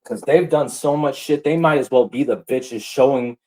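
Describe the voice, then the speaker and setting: A man's voice: medium pitch, moderate pace, warm tone, poor audio. A man ranting angrily to his livestream viewers, heated, profane and repetitive. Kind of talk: angry livestream rant.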